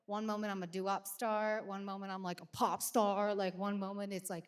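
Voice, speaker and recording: A woman's voice: mid-range voice, flat delivery, normal speed, clean tone, long reverb tail. A woman in her thirties, a singer, chatting casually and rambling animatedly with many fillers. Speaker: singer answering fan questions. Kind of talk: casual Q&A chat. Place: backstage at a concert venue.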